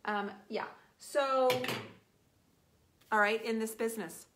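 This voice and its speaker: A middle-aged woman chatting casually to her viewers while painting furniture, animated and playful, with teasing asides to viewers by name. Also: fairly high pitch, slow, background noise.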